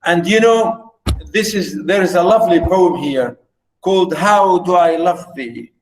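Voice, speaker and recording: Slow, high-voiced male teacher on a call. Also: poor audio. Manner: halting, many fillers and restarts; reads poetry slowly and fondly. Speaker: literature teacher. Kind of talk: online lecture. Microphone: video call.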